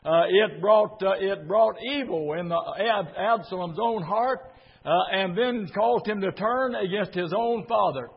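An older man preaches fervently in a church, his high, husky voice carried by a long reverb. He leans on "uh" fillers and repeats phrases for emphasis, and the recording sounds muffled. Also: unhurried. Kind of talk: revival sermon.

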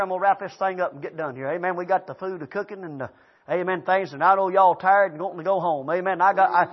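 An older man with a Southern American accent preaching a folksy storytelling sermon, swinging between loud preaching and quiet asides. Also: high voice. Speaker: pastor. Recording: dull lo-fi recording.

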